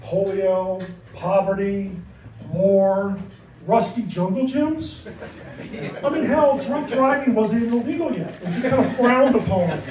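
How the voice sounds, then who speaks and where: A middle-aged man performing a stand-up comedy set on a club stage, telling dark stories in a deadpan way with asides to the crowd. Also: sits high, measured pace, reverberant, far from the mic, low-quality recording.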